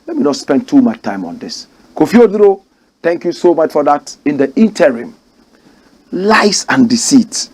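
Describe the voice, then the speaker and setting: A Ghanaian man delivers a fiery commentary monologue, firing off rhetorical questions and hammering points home by repeating them. His voice sits high and leaps around with animated swings in pitch. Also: moderate pace, slightly rough. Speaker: commentary show host.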